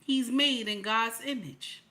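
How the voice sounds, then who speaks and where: Forceful, blunt woman preaching on livestream. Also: on the high side, slow. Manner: emphatic, repeats lines and asks rhetorical questions; colloquial and blunt. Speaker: livestream host.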